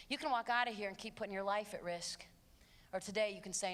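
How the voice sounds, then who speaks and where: A woman's voice: medium pitch, brisk, a bit bright. A woman giving a live motivational talk to teenagers, emphatic and preachy, repeating her key phrases. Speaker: abstinence speaker. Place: large hall with audience. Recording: reverberant live hall with audience.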